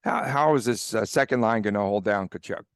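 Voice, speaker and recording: A man's voice: lowish voice, a little fast, smooth, no echo, studio quality. A man hosting a sports podcast, chatting casually and laughing often as he teases his co-host. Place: Las Vegas.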